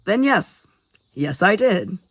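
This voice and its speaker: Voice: medium pitch, very animated, slow, a bit bright, breathy edge, no room sound, voice pushed up, heavily acted. A man voicing a wry, impatient young man in a storybook reading. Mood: surprised.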